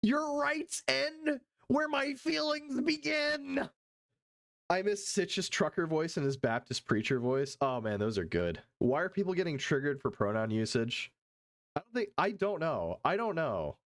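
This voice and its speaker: A man's voice: mid-range voice, sing-song, moderate pace. A male streamer reacting live to a video, swearing a lot, joking, and jumping between put-on voices. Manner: profane, jokey, jumps between voices.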